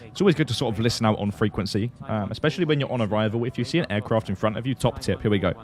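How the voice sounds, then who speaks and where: A man's voice: fairly low pitch, very fast, darkish tone. Chatty man hosting a flight sim stream. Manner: chatty, laughs often, answers chat questions. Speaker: livestream host flying a flight simulator. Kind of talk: casual livestream commentary.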